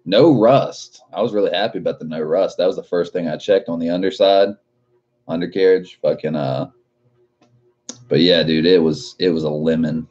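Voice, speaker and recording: A man's voice: low voice, moderate pace, a little mellow, dull audio. A man in his late twenties chatting casually on a livestream, reading out chat messages and swearing often. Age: 20s. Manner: laid-back, swears a lot, laughs often.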